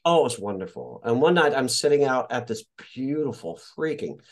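An expressive, medium-pitched male voice moves a little fast as an actor from Indiana spins casual stories as an interview guest. He curses freely and impersonates the people he quotes.

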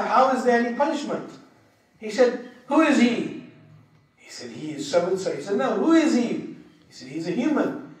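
A man preaches in a fairly high voice. He tells stories with animated, acted-out quotes. His voice rings through a very echoey hall, picked up from some distance away. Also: normal speed. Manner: animated storyteller who acts out quoted voices and laughs. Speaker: Islamic teacher. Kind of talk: sermon with told anecdotes.

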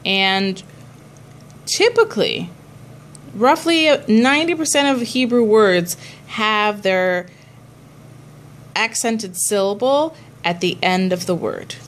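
A woman cantor teaching a class on chanting prayers, explaining patiently and chanting short examples. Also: mid-range voice.

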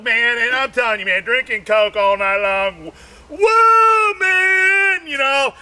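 A man doing a rambling stand-up monologue, drawling and meandering, full of "you know, man," with sudden shouted bursts. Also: very high-pitched, lively intonation, slow. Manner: bursts into shouting and sung snippets. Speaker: stand-up comedian.

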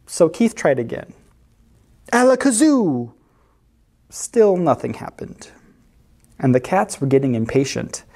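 A woman librarian reading a picture book aloud to children in an expressive storytelling voice. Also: low-pitched.

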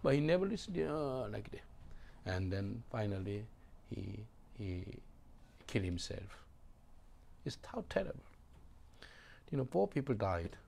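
A middle-aged man, a pastor preaching a sermon in halting, broken English. He drops to low murmurs and then bursts out loudly. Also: sing-song, slight background noise. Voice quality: gravelly. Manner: swings from low murmurs to loud exclamations.

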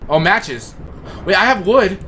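A man commentating his own horror game playthrough, jumpy and excitable, swinging from nervous mutters to panicked yelps. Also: high voice, measured pace, background noise. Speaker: gaming channel host.

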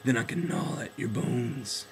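A man voicing a sly, hungry cat in a storybook, speaking in a hushed purring way. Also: mid-range voice, measured pace, gravelly, a little hiss or hum, voice pushed down.

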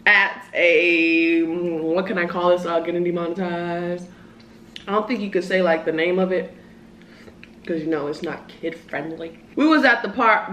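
A woman's voice: medium pitch, fairly bright tone. A woman in her early twenties vlogging a casual mukbang chat, slangy and talking while eating. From Southern California. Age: early 20s. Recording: roomy echo.

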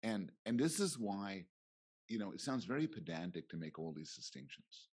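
Middle-aged guy with a deep husky voice, thoughtful professor talk at a conference. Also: sing-song, normal speed, a little mellow. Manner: reflective, acts out quoted voices. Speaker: guest professor. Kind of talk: conference interview.

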